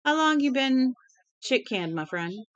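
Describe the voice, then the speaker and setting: Woman doing a mock-gentle sinister drifter. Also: sits high, very animated, unhurried, smooth, no room sound, dull audio, pitched above the performer's own voice, heavily acted. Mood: taunting. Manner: falsely gentle, taunting. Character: sinister drifter man, mock-soothing and cruel.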